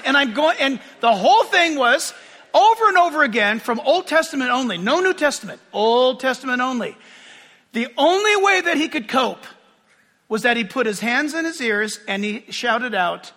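A man's voice: extremely high pitch, sing-song, normal speed, sharp tone. A male pastor preaching a sermon, telling stories animatedly and addressing the congregation, with long hall reverb.

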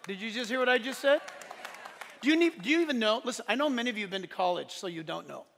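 High-voiced preaching man, bright and emphatic. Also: lively intonation, quick pace, creaky, long reverb tail, a faint crowd, a little hiss or hum. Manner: emphatic, joking preaching that rises to shouts. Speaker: pastor. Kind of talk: sermon.

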